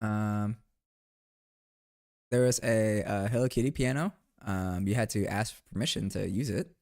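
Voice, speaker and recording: A man's voice: lowish voice, a little slow, a little mellow, no echo, clean studio sound. A young man casually chatting about his trip photos, rambling and playful, often saying "bro" and asking viewers to weigh in. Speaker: streamer recapping a trip. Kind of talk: casual chat over photos.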